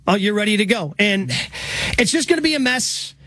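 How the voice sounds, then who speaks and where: A man's voice: high-pitched, expressive, a little fast, a bit bright, no echo. A man hosting sports radio, conversational and steering with questions.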